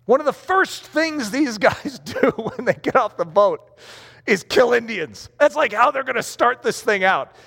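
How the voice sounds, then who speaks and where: A man's voice: extremely high pitch, expressive, a little slow, vocal fry, fairly bright tone, husky. A man preaching a sermon with emphasis, acting out the voices of the people he quotes. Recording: long hall reverb.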